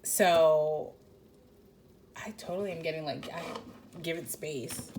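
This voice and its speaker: A woman's voice: deep voice, steady tone, slow pace, a little mellow, slight background noise. A woman giving a casual intuitive card reading, rambling and tentative, saying "like" often. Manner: rambling, heavy use of "like", tentative. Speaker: tarot card reader.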